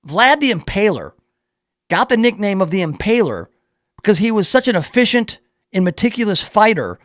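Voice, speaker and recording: A man's voice: high-pitched, no room sound. A male radio talk show host reading a news story aloud in a playful, riffing way, drawing out words for emphasis in his studio.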